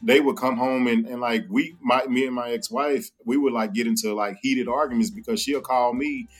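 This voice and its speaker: A man's voice: medium pitch, fairly even intonation, normal speed. Earnest storytelling man, casual chat. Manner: earnest, storytelling, acts out quoted speech. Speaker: podcast guest. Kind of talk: casual conversation.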